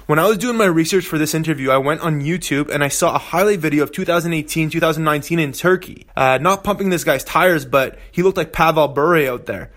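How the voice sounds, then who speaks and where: A man's voice: fairly high pitch, fast talker, hardly any pauses, fairly bright tone. A man in his thirties, a podcast host reading a playful, jokey introduction. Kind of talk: scripted introduction.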